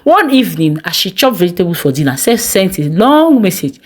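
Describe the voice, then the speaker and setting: A woman narrating a scripted story in a measured, gently expressive way. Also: on the low side. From Nigeria.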